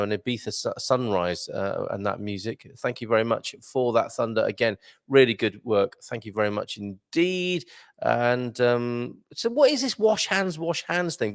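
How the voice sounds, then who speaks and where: A man's voice: fairly low pitch, vocal fry, no echo, studio quality. A man hosting a live breakfast show, chatting casually and jokingly as he reads out viewer comments with many ums and uhs. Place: live broadcast from a resort venue.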